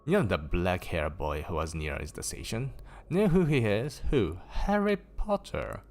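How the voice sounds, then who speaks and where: A man reading aloud and voicing a cheeky, excited young male twin wizard in a storybook. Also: on the low side, normal speed.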